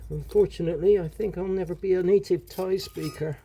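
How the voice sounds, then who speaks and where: A man's voice: high-pitched, steady tone, fairly quick, noisy background. A man with a West Country accent talking casually to camera while cooking over a fire outdoors, rambling with wry asides and muttered remarks to himself. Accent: West Country English. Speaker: vlogger.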